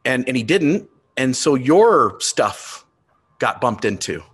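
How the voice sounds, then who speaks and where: A man's voice: mid-range voice, big pitch swings, slow pace, a bit bright, breathy edge. A man in his fifties, a grandfather, telling a family story in casual chat as a podcast co-host. His voice rises and he swears when he gets riled.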